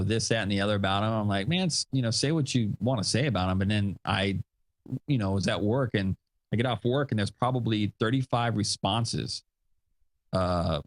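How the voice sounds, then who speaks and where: A fairly low-pitched male voice, recorded without echo, belongs to a podcast host who is the father of young kids. He chats casually, rambling with fillers and self-deprecating asides.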